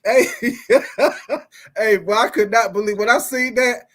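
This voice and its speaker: A young man with a drawl hosts a loose sports talk show in a fairly high voice. He rambles in an animated way, laughs often and circles back to repeat his lines as he calls out to viewers. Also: a little slow. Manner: animated, laughing often, repeats phrases, reads live chat. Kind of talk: casual chat.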